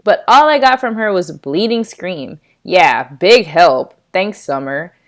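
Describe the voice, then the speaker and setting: A woman reading a novel aloud, with expressive first-person narration. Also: medium pitch, moderate pace. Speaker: reader.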